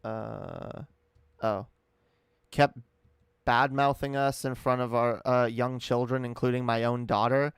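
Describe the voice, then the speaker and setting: A man's voice: mid-range voice, steady tone, takes it slowly, vocal fry, long pauses, clean tone, dry recording. A man giving casual, profane reaction commentary on a video, incredulous and rambling. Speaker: commentary streamer.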